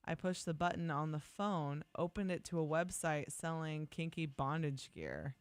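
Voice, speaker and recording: A woman's voice: low-pitched, normal speed, no room sound. A young woman co-hosting a radio show, chatting casually and emphatically. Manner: animated, emphatic, swings into mock voices. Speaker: radio co-host. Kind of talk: casual morning radio banter.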